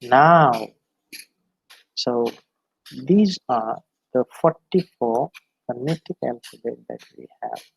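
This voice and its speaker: A man lecturing on phonetics, slowly and deliberately sounding out example words. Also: mid-range voice, expressive, gravelly, warm tone, breathy edge, no room sound, rough recording. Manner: slow, deliberate, repeats example words aloud. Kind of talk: classroom lecture on pronunciation.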